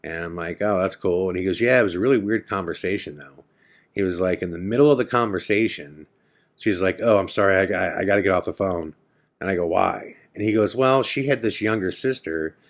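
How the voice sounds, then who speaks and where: A man's voice: low-pitched, a little fast. A man hosting a podcast, telling a personal ghost story casually and acting out the dialogue. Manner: casual storytelling, acts out quoted dialogue, frequent "I'm like". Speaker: podcast host.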